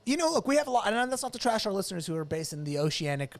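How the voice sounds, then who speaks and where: A man with a somewhat high voice, trading sarcastic jokes on a comedy podcast. He riffs quickly and breaks into mock-angry rants, speaking close to a studio microphone. He is from the United States. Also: big pitch swings, creaky. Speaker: podcast co-host. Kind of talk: casual comedic podcast banter.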